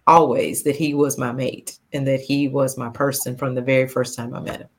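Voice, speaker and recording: A woman's voice: very deep voice, brisk, slightly rough. Heartfelt woman in her fifties. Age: 50s. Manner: heartfelt, animated, laughs while telling. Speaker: guest. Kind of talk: personal storytelling.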